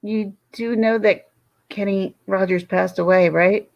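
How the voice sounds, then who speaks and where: A woman's voice: mid-range voice, fairly even intonation, vocal fry, a little mellow, muffled recording. Chatty woman telling stories. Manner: storytelling, chatty, drawn-out pauses. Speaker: podcast co-host. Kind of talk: casual chat.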